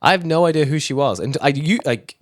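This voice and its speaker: A man's voice: on the high side, a little fast, dry recording. Male commentary YouTuber with a chatty, self-mocking, close, dry sound. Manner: chatty, self-deprecating, rambling asides. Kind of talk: casual explainer commentary.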